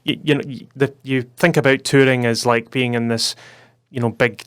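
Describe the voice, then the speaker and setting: Chatty Scottish man, smooth dry voice. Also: medium pitch, fairly even intonation, dry recording. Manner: chatty, rambling, quick to laugh. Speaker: podcast co-host. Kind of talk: casual podcast chat.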